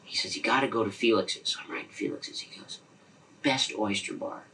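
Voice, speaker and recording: A man's voice: on the low side, brisk, sharp tone, husky, distant mic, rough recording. A man telling a story about a friend in an interview, acting out the quoted dialogue with animation. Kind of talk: anecdotal storytelling.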